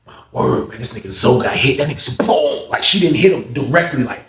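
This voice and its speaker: Man, casual storytelling, profane, animated, repeats himself, roomy echo. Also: mid-range voice, fast. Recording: echoey room.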